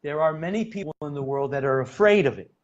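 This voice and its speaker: A man hosting an interview, speaking slowly and emphatically and praising his guest. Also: fairly high pitch, lively intonation. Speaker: interview host. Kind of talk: interview conversation. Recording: dull lo-fi audio.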